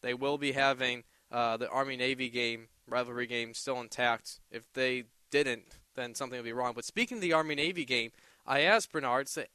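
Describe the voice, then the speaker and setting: A man's voice: mid-range voice, moderate pace, sharp tone, clear, resonant tone, dry recording. A young man hosting a casual solo sports podcast, rambling with many restarts as he recounts his day. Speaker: podcast host.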